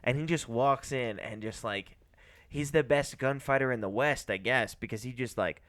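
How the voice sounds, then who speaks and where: A man co-hosting a podcast, chatting casually about a film, animated and laughing often. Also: medium pitch, normal speed, no room sound. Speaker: podcast co-host. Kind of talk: casual movie chat.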